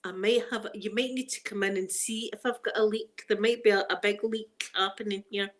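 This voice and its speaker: A woman's voice: medium pitch, steady tone, brisk, natural voice. A Scottish woman voicing a coy, flirty housewife from a saucy film, speaking in a suggestive, sweet way.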